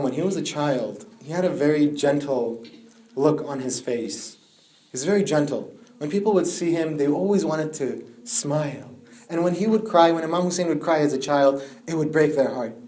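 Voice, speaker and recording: A young man giving a religious lecture to a youth group, building from plain storytelling to a high, tearful lament. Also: mellow. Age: young adult.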